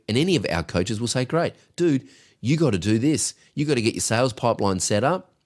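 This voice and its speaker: A man co-hosting a business podcast, coaching in an emphatic, directive way. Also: fairly low pitch. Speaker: podcast co-host, agency coach.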